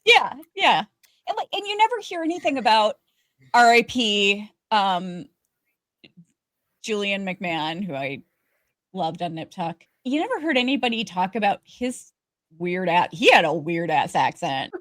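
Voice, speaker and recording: A woman's voice: mid-range voice, very animated, unhurried, a bit bright, no echo. Woman co-host, casual and emphatic, dry close recording. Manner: emphatic, frequent restarts. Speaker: podcast co-host. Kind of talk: casual chat reviewing a TV show.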